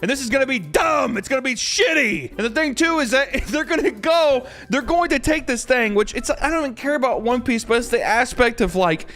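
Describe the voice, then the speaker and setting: A man's voice: extremely high pitch, expressive, brisk, few pauses, fairly bright tone. A man ranting casually as a commentator, profane and exasperated, mocking what he talks about. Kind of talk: casual rant.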